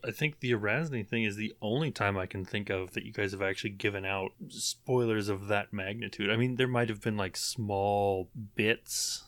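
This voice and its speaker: A man's voice: fairly low pitch, normal speed, hardly any pauses, no room sound. A man hosting a podcast, chatting casually and wrapping up the talk. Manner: relaxed, wraps up the episode. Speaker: podcast host. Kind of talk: casual chat.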